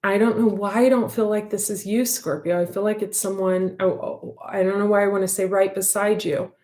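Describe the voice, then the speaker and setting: A woman's voice: medium pitch, fairly even intonation, fairly quick, darkish tone, roomy sound. A woman giving an intuitive tarot reading to her viewers, talking in a heartfelt, rambling way with many fillers. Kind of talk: casual spoken intuitive reading.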